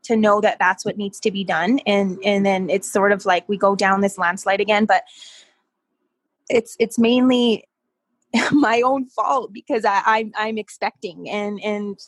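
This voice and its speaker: A woman guest telling a personal story in casual conversation, animated and quick to laugh, often repeating words as she gets going. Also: medium pitch, dry recording. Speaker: podcast guest.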